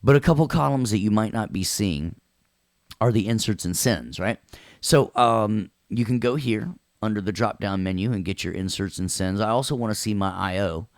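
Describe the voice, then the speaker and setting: A man's voice: on the low side, moderate pace, dry recording, clean studio sound. A man with a Nashville accent teaching an audio workstation class, chatty and joking with his students. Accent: Southern US, Nashville. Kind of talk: recorded class lecture with jokes.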